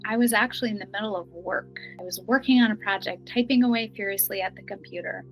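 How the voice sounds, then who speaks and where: A middle-aged woman telling a personal story earnestly, some lines hushed and some bright. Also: mid-range voice, fast talker, few pauses, faint music behind, low-quality recording. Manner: earnest, emotional, shifts between hushed and bright. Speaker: guest telling her experience.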